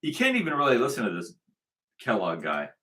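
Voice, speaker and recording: Man, ranting commentary, emphatic, repetitive, forceful tone. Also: mid-range voice, huge pitch swings, a little fast. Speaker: online commentator.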